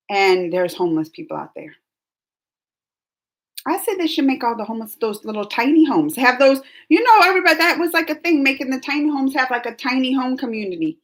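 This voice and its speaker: Woman streamer, high voice, chatty host reading out chat comments with frequent laughs. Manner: reads viewer comments aloud, chatty, laughs often. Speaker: reaction channel host. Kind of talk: casual live reaction chat.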